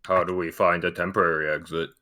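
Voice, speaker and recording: Deep-voiced man playing at the table. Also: flat delivery, fast talker, bright, forceful tone. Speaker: player.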